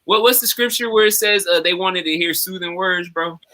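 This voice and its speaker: A man's voice: high-pitched, fairly quick, sharp tone. A young man in casual religious talk, preaching bluntly with heavy slang and profanity. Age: young adult. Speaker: co-host of religious talk show.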